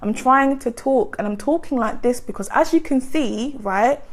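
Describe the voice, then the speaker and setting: A woman with a gentle voice, telling a personal story in a chatty vlog style full of likes and ums. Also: high-pitched, moderate pace. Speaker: vlogger. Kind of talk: casual storytime monologue.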